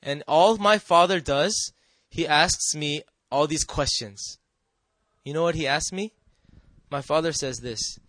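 Guy telling his life story to a crowd, kinda high voice, dry close sound, keeps asking "right?". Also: animated, measured pace, dry recording. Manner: earnest and emotional, drops soft and quiet at tender moments. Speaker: speaker sharing a personal testimony. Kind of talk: personal testimony to a live audience.

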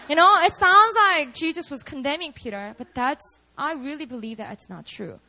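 A woman's voice: sits high, moderate pace, sharp tone, poor audio. A young woman preaching a casual, storytelling sermon, chatty and full of "like" and "you know". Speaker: preacher at a prayer meeting.

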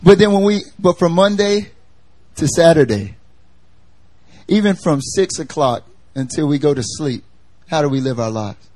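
A male pastor preaching in a loose, talkative way, building emphasis through repetition. His voice sits a little high for a man. The sound is close and dry, with little room around it. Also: moderate pace, pauses often, a little mellow, no room sound. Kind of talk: conversational sermon. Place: church service.

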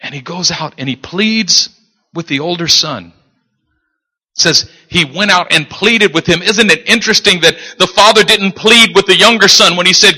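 A man preaching a live sermon in church, telling a story with animated, emphatic delivery. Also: high voice, normal speed, long pauses, breathy edge, long reverb tail. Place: church before a live congregation.

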